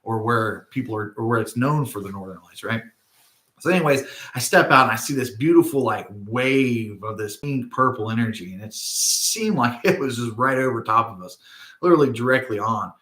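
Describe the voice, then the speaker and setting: A man's voice: mid-range voice, animated, normal speed, fairly bright tone. A middle-aged man hosting a spiritual video, telling a story in a casual, digressive way and often checking in with "right?". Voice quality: frequent tag questions, digressive storytelling. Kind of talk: casual rambling monologue. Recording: roomy echo.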